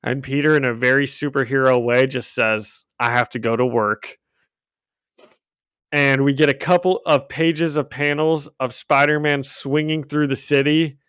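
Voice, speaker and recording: Casual male podcast co-host, rambling recap, smooth clear voice, dry close sound. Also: medium pitch, fairly even intonation, moderate pace, fairly bright tone, no room sound. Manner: laughing, rambling with fillers and restarts. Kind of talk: casual chat. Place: home room. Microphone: home microphone.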